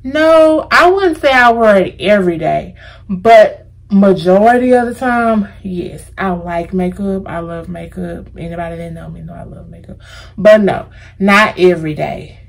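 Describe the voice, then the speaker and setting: A woman's voice: fairly low pitch, animated, moderate pace, gravelly, poor audio. A woman with an American accent answering viewer questions in a casual, chatty, playful vlog. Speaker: vlogger.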